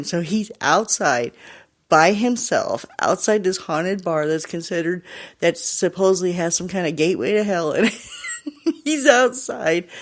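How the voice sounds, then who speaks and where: Podcast host telling a story, chatty, laughs a lot, middle pitch. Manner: chatty, laughing often, restarts. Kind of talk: casual storytelling.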